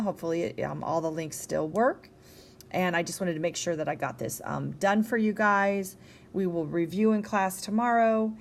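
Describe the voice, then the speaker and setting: A tired young woman teacher talks through a recorded science lecture in a casual, chatty way. Her voice sits a little low, and she keeps checking in with her listeners. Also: gravelly. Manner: casual, conversational, with many ums and rhetorical "okay?". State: tired, yawning.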